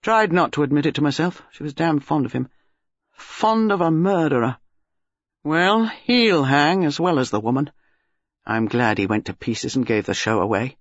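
A man reading an audiobook, voicing a grim, gruff elderly wealthy man who speaks in clipped sentences. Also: fairly high pitch, normal speed, dry recording, lo-fi sound, natural voice.

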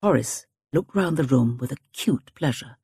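A woman narrating an audiobook in a measured, expressive, wry manner. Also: very deep voice, breathy edge, no room sound, studio quality.

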